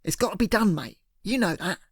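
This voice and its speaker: A man's voice: high-pitched, animated, fairly quick, husky, no room sound, studio quality, pitched above the performer's own voice. A man doing a nervy, lanky henchman. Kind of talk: audiobook character voice.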